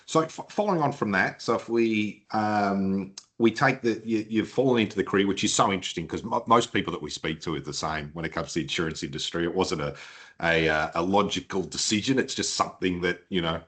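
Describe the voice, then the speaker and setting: A man co-hosting a podcast, asking questions in a friendly, teasing, halting way. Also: low voice, fairly bright tone. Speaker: podcast co-host. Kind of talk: casual interview chat.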